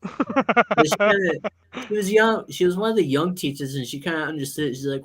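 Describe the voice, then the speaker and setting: A man's voice: high voice, moderate pace. A man on an open talk panel in casual chat, telling school anecdotes and acting out what people said. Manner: animated anecdote-telling with acted-out quotes.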